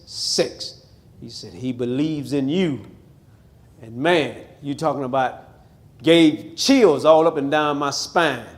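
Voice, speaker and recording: A man of around sixty from Missouri, a pastor giving a live testimony talk in a chapel with emphatic, preacher-like storytelling. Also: mid-range voice. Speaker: pastor telling his life story.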